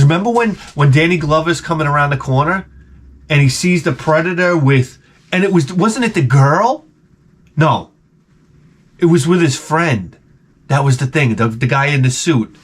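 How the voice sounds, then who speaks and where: A middle-aged man telling rambling, profane stories in a casual vlog, jumping into loud joking exclamations. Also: fairly high pitch, slightly rough. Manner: excitable, profane, jokey, with sudden loud exclamations. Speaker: video game vlogger.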